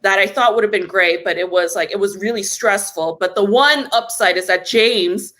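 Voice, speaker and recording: A young woman telling a comic story in a casual, exasperated rant, swearing and jumping up in pitch when indignant. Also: normal speed, sharp tone. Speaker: comedy podcast host.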